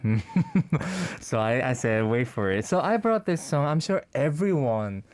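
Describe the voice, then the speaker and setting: A man's voice: mid-range voice, sing-song, a little slow, darkish tone, dry recording. A man co-hosting a radio music show, casually presenting a song pick and searching for his words. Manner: hesitant, many fillers and restarts, searching for words. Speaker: radio co-host.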